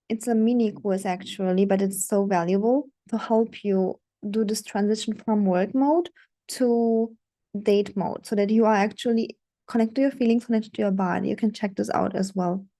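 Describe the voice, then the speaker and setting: Addressing her viewers directly, a woman dating coach delivers an instructive, repetitive monologue in a medium-pitched, dark-toned voice at normal speed. She keeps saying "okay?" and "don't do it".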